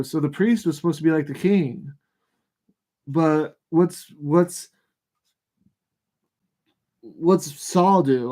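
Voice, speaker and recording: A man's voice: on the high side, fairly even intonation, dark tone. A man hosting a live show, reading Bible passages aloud with stumbles and restarts and breaking off for frank, irritated commentary. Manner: reads passages aloud haltingly, stops to comment.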